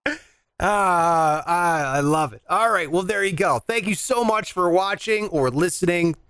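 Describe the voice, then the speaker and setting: A man's voice: sits high, a little slow, fairly bright tone, clean tone, no echo, clean studio sound. A young man hosting a casual comedy podcast, loose and joking, swearing and laughing as he talks. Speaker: podcast host.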